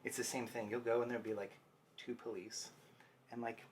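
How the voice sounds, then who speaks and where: A man's voice: mid-range voice, little pitch movement, a little fast. A male guest author talking in easygoing, agreeable casual chat and laughing readily.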